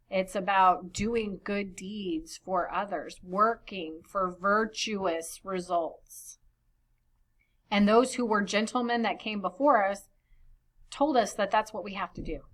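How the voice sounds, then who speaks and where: Woman reader, slow and casual, slangy paraphrase, mid-pitched. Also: fairly bright tone. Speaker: reader explaining a classic poem.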